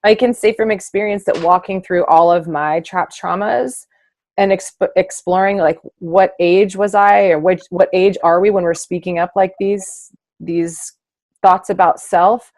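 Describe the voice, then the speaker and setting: A woman hosting a casual conversation, expressive and animated, acting out her own past thoughts with laughter. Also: lowish voice, unhurried, no room sound. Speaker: host, naturopath.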